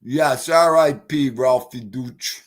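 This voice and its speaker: Brash, profane New livestream host. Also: male voice, mid-range voice, slow. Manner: brash, profane, greets chatters. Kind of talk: casual livestream chat.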